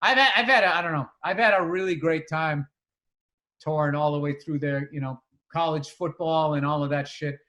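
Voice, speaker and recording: A man from the greater area, chatting on a podcast in a profane, animated storytelling way. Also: a little high, moderate pace. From greater Boston area. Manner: profane, animated storyteller who acts out sounds. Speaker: podcast co-host. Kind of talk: casual chat.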